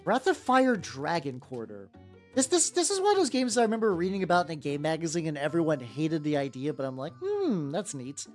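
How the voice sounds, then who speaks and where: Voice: medium pitch, very animated, fast, soft background music. A streamer chatting casually while painting miniatures, rambling with lots of "like" fillers and restarts, answering chat as they go.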